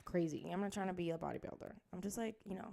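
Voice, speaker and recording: Gravelly young woman joking around. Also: fairly low pitch, quick pace, mellow, slight background noise. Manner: playful, jokey, laughs often. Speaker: podcast co-host. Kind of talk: casual chat.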